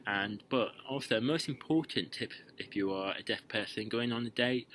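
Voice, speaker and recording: A man's voice: medium pitch, moderate pace, fairly bright tone, a little hiss or hum, low-quality recording. A young man giving casual, playful dating advice to camera, chatty and full of ums and restarts. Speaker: vlogger giving dating tips.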